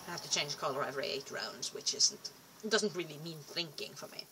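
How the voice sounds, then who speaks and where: A woman's voice: deep voice, a little fast, bright, forceful tone, slight background noise. A young woman rambling casually to camera in a vlog, chatty and self-deprecating, often trailing off and restarting. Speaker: vlogger.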